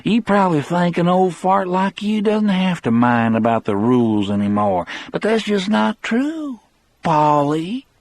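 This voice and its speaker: A man's voice: sits high, big pitch swings, unhurried, darkish tone, voice pushed up, exaggerated voice. A man voicing a sneering, bullying male nursing-home orderly with mocking, menacing taunts.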